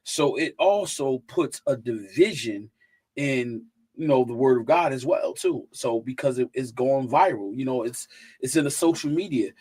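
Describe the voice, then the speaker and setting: A man hosting a casual chat, rambling and halting with many restarts. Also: medium pitch, lively intonation, darkish tone, slightly rough, rough recording. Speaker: host.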